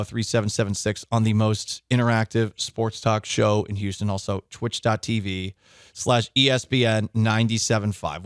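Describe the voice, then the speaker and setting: A man's voice: fairly low pitch, fairly bright tone, dry recording. A man hosting a casual sports talk radio show in a studio, opinionated and joking as he reads listener comments.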